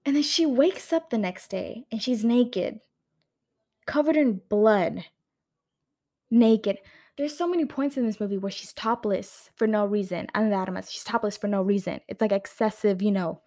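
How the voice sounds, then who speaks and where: A woman's voice: medium pitch, moderate pace, mellow. Brief: young woman, casual vlog rant, fired up and profane, mid-range voice, camera mic at home. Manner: heated, swears often, many fillers and restarts. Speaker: video creator reviewing a film.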